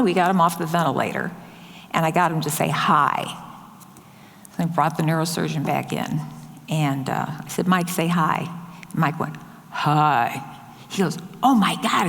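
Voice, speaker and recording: A woman's voice: sits low, creaky. An older woman, a nurse, telling true stories from her work in a casual, anecdotal way, quoting people as she goes. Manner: anecdotal, quotes others in lively voices. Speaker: nurse and speaker. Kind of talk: storytelling talk. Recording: long hall reverb.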